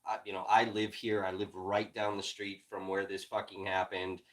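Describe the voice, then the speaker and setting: A man originally from Illinois, hosting a livestream and ranting in frustration, heavy with profanity and swinging from low muttering to loud outbursts. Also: flat delivery, normal speed, poor audio. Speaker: livestream host and independent journalist.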